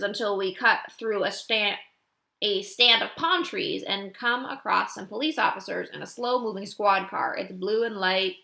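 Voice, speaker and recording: A woman's voice: mid-range voice, gravelly. A woman reading a children's novel aloud, narrating expressively. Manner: expressive, animated. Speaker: audiobook reader.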